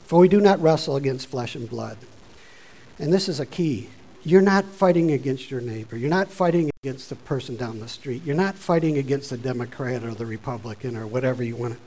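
A man preaching a sermon, informal and conversational, rising from quiet asides to loud exhortation. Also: medium pitch, fairly quick, low-quality recording.

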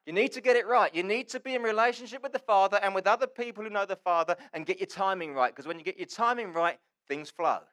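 A man preaching a sermon, telling the story with wry, sarcastic humour and swinging between loud and hushed. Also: high-pitched, fast talker, hardly any pauses.

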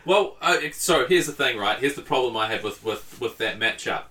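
A man's voice: medium pitch, expressive, normal speed, pushed and bright. A man co-hosting a casual podcast, teasing the others and swearing casually. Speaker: podcast co-host.

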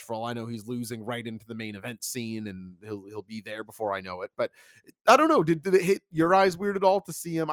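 A man co-hosting a casual wrestling review stream, talking in an animated, chatty way and reacting to viewer chat. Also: medium pitch, no echo, clean studio sound.

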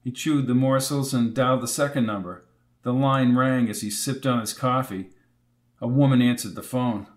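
Steady male audiobook narrator. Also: medium pitch, normal speed. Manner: steady, even storytelling.

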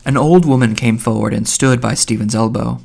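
Gravelly male audiobook reader. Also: mid-range voice, a little mellow. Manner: measured, with occasional slips. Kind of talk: literary audiobook narration.

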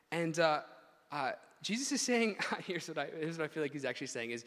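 A man delivers a sermon in a church hall, talking emphatically and restarting his phrases as he builds up. His voice sits a little high for a man. A long reverb from the large hall trails behind each phrase. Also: brisk. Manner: animated, emphatic preaching with restarts. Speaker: pastor.

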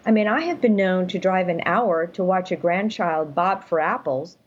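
A woman's voice: fairly low pitch, animated, moderate pace, lo-fi sound, a little hiss or hum. An older woman telling her story as an interview guest, earnest and emphatic, speaking from home over a call. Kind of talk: casual interview talk. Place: home room.

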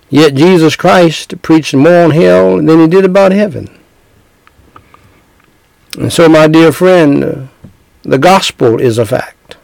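Male preacher, earnest direct-address sermon, unhurried delivery with a gravelly edge. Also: a little high, darkish tone, no room sound, low-quality recording. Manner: leads a prayer phrase by phrase. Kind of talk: evangelistic sermon.

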